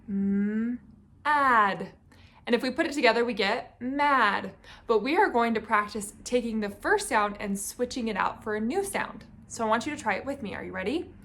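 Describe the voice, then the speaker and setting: A reading teacher with a fairly high, slightly bright voice gives a phonics lesson to young children at a whiteboard, recorded on a camera mic. She sounds out each sound slowly and clearly, encouraging the kids to join in.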